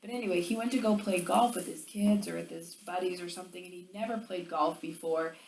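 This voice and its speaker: A woman giving a motivational sales training talk, chatty and animated, full of "like"s and acted-out quotes. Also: fairly low pitch, brisk, vocal fry, a little hiss or hum. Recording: roomy echo, distant mic, faint ambience.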